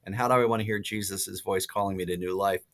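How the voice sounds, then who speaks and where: A priest in his sixties, a podcast guest, telling stories in a lively way with many fillers and restarts. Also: sits low, fast talker. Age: 60s. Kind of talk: casual podcast interview.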